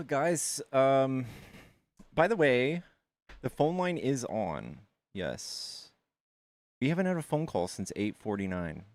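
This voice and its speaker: A male livestream host chatting casually with his viewers, tossing out quick asides. His voice is animated and swings widely in pitch. The sound is close and dry on a desk mic. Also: dry recording. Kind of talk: casual chat with callers and chat.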